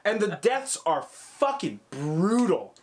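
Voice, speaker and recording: A man co-hosting a casual film review chat who talks excitedly, swears a lot and acts out scenes in quoted voices. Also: high-pitched, slow. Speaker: podcast co-host reviewing films.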